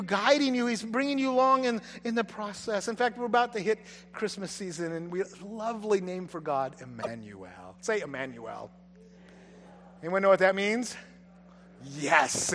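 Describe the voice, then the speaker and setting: Male pastor, high voice, dynamic delivery from shouts to near-whispers, long church reverb with a faint hum. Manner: dynamic, swings from shouting to hushed tones; leads congregation in call-and-response. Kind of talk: sermon. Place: church hall.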